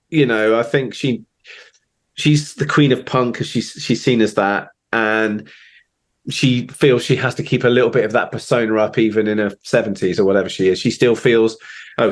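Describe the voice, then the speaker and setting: A man, a drummer guest chatting casually and acting out quotes as he tells stories. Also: mid-range voice. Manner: animated storyteller, acts out quotes. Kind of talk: casual chat.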